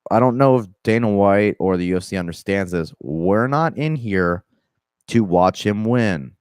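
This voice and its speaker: A man's voice: lowish voice, a little mellow, no room sound, clean studio sound. A young Southern man hosting a casual MMA talk show, rambling and profane with plenty of restarts. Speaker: MMA podcast host. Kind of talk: casual commentary.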